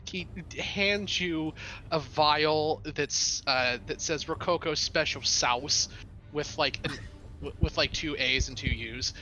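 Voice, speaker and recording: A man's voice: a little high, takes it slowly, sharp tone, soft background music. A man narrating as game master of a tabletop game, chatty and loose, often stopping to restart a phrase. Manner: chatty, many fillers and restarts while narrating.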